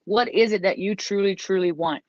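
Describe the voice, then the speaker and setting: A woman's voice: medium pitch, moderate pace, a little mellow, no echo. A woman giving a casual tarot reading. She is encouraging and repeats herself, and now and then she breaks off to scold her dog. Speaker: tarot reader. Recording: dull lo-fi dry recording.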